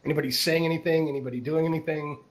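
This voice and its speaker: A man's voice: a little high, steady tone, rapid-fire. Casual game master man. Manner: casual, many fillers and restarts. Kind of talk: narrating a tabletop game.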